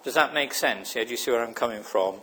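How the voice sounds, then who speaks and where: A man's voice: mid-range voice, quick pace, fairly bright tone, slight background noise. A man giving a lecture in a reflective, hesitant way, often asking his listeners whether they follow. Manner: reflective, checks understanding with repeated questions; hesitant, many fillers and restarts. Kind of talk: recorded lecture.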